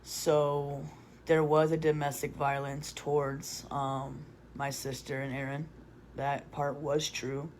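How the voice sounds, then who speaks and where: A woman's voice: low-pitched, little pitch movement, takes it slowly, a little mellow, a little hiss or hum. A woman telling a personal story in a confessional vlog, rambling with restarts and fillers, and blunt with casual swearing.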